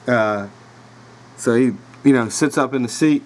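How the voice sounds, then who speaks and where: A Virginia-accented podcast host in his thirties tells a casual story in a loose, laid-back way, with lots of fillers and laughs. His voice is medium-pitched and he takes it slowly. The low-quality recording has a little hiss or hum and was made in a home room with a dog nearby.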